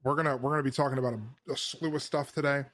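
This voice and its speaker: A man's voice: mid-range voice, steady tone, fast, a bit bright, dry recording, studio quality. A man hosting a casual gaming podcast, rambling and laughing at himself. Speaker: podcast host. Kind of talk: casual chat.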